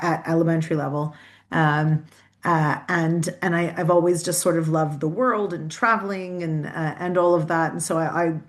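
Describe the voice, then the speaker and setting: A Canadian woman with a Canadian accent, answering interview questions in a chatty way, with many restarts and fillers, over a video call. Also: deep voice. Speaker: guest.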